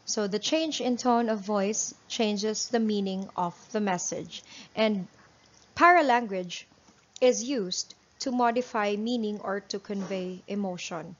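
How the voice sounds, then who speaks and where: A woman's voice: medium pitch, unhurried, lo-fi sound. A woman instructor with a Filipino accent giving a classroom lecture, explaining step by step and often checking in with her listeners. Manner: explanatory, repeats and restarts words, checks understanding with "right?".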